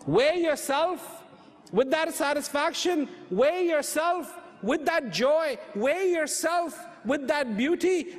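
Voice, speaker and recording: Slow, high-voiced man speaking in a hall. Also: expressive. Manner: slow, reflective, repeats phrases for emphasis. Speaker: speaker on inner peace. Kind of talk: inspirational talk to an audience. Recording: hall reverb with faint ambience.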